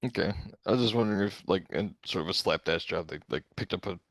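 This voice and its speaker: Very deep, gravelly male player. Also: fast, dry recording. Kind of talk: casual chat around a game table.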